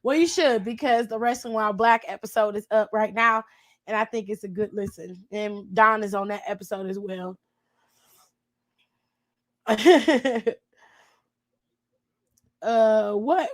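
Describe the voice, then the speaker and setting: A woman's voice: mid-range voice, unhurried, pauses often. A woman co-hosting a podcast in casual chat, telling stories animatedly, laughing often and swearing freely. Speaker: podcast co-host.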